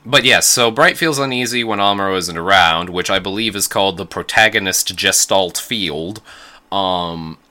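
A man with a low but bright, forceful voice talks through an episode recap in loose, casual banter. He swears often and throws in quick impressions of the characters' lines. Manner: swears freely, acts out lines. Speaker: podcast co-host.

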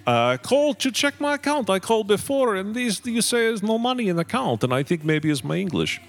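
A man's voice: high voice, very animated, brisk, pitched above the performer's own voice. A worried man with a put-on foreign accent, stumbling through broken English in a raised, fretful voice, as a storyteller acts him out. His tone is lifted well above a plain speaking voice and sways up and down as he pleads his case. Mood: earnest.

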